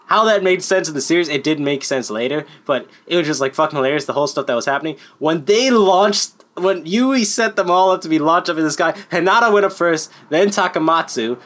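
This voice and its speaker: An anime YouTuber, a man with a slightly high voice, gives an unscripted, casual review at a brisk clip with few pauses. He's excitable and rambling, swears constantly, and fills gaps with "like."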